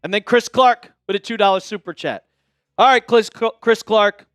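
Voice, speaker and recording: Male livestream host, smooth high voice in a dry room, jokey chat with viewers. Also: moderate pace, fairly bright tone, dry recording, soft background music. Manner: jokey, chatty, addresses viewers by name.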